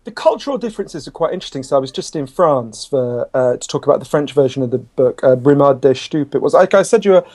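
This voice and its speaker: A man, a guest author in a podcast interview, telling stories in a quick, chatty, animated way with self-deprecating asides. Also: mid-range voice. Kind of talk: conversational interview storytelling.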